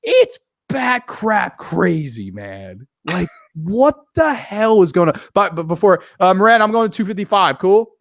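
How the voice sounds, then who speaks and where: A man co-hosting a casual movie review chat, animated, laughing often and acting out scenes in voices. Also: high-pitched, unhurried, few pauses, no room sound, clean studio sound. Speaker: podcast co-host.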